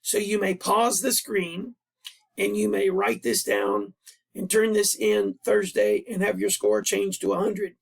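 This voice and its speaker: A middle-aged male history teacher talks through an essay assignment in a recorded lesson, his voice hoarse and worn out. The tone is high and gravelly, with a lot of fry. He explains patiently and slips in casual asides. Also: expressive, a little slow. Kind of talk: recorded classroom lesson over a screen. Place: at a computer, voice-over.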